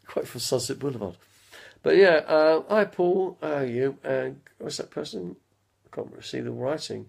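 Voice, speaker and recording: A man's voice: medium pitch, unhurried, gravelly, darkish tone. A man in his fifties chatting casually on a live stream from home, rambling through anecdotes and trailing off to recall names. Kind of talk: casual chat.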